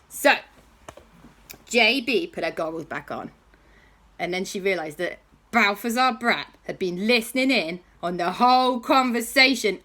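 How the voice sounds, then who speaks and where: A woman's voice: medium pitch, expressive, measured pace, bright, forceful tone. A woman host telling a playful children's story with toys, switching into character voices.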